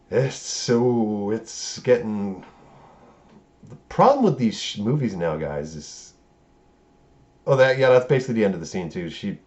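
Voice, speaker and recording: A man's voice: sits low, darkish tone, lo-fi sound. A man giving a rambling, profane, casual film review, acting out the characters' lines as he goes.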